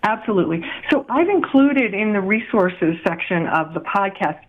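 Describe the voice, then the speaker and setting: A woman's voice: medium pitch, lively intonation, moderate pace. A middle-aged woman explaining a communication method in a podcast chat, laughing now and then as she gives examples. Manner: warm, explanatory, laughs while giving examples. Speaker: guest relationship coach. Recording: tinny phone line.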